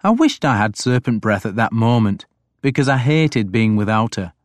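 Male audiobook narrator, mid-pitched, even and reflective, dry and close. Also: normal speed, no room sound. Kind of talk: scripted first-person narration.

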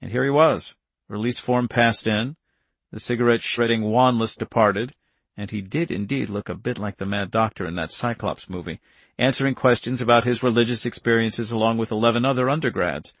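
A man reading a novel aloud in steady scripted narration, in a dry studio recording. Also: medium pitch, a little fast, no echo. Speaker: audiobook narrator.

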